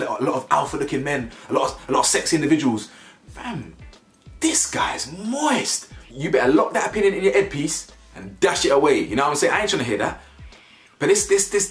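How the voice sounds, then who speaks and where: A man's voice: a little high, fairly bright tone, echoey room. A young man giving a casual, slangy reality-show review, laughing often and repeating his words. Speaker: TV review vlogger. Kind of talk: casual reaction commentary.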